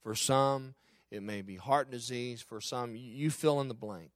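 A man's voice: mid-range voice, unhurried, no echo, studio quality. A middle-aged man, a pastor preaching a sermon with impassioned, repetitive phrasing.

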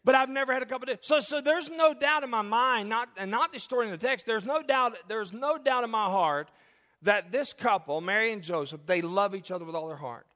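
A man in his forties preaches a lively, jokey sermon, acting out the people in his stories. His voice sits high and ringing, and long hall reverb trails each phrase. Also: a little fast. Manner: animated, jokey, acts out characters in anecdotes. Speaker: pastor. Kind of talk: sermon with storytelling. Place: church sanctuary.

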